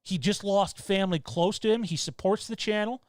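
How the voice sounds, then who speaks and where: Smooth-voiced male livestream host. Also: high voice, moderate pace, no room sound. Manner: rambling and blunt, turning heated with swearing. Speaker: show host. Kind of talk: casual livestream chat. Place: at home.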